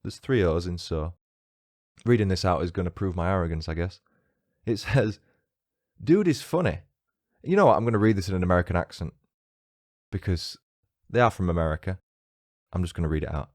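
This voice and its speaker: A man's voice: low-pitched, lively intonation, a little fast, pauses often, darkish tone, no echo, studio quality. A man with a northern English accent hosting a true-crime podcast, reading listener reviews with cheeky, self-mocking banter. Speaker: podcast host.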